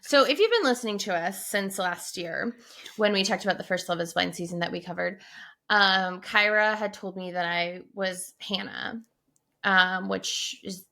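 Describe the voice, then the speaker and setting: Woman podcast co-host, bright tone, animated storyteller who acts out quotes. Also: mid-range voice, moderate pace, vocal fry. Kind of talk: casual chat.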